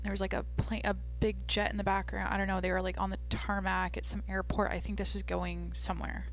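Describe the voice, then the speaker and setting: A young woman hosting her own podcast, chatting casually in a rambling, jokey way with lots of fillers and a deadpan streak. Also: mid-range voice, a little fast, gravelly. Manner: self-described deadpan. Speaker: podcast host. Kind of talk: casual solo podcast chat.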